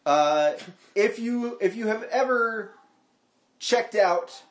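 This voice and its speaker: A man hosting a podcast in casual banter, animated and quick to laugh, trailing off and restarting sentences. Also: high-pitched. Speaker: podcast host. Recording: roomy echo.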